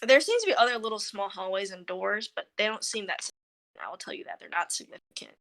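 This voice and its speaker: A woman's voice: medium pitch, expressive, quick pace, fairly bright tone. A woman narrating as game master, casual and joking, with a lot of slang. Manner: giggly, loose and joking, slangy.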